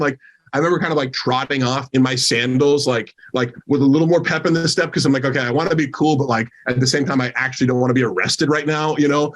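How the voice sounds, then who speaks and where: A man with a husky, slightly rough voice tells a long story in loose podcast chat. He rambles, filling gaps with "like" and "you know." His pitch sits in an ordinary middle range. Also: fast. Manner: rambling, full of "like" fillers. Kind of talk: casual storytelling.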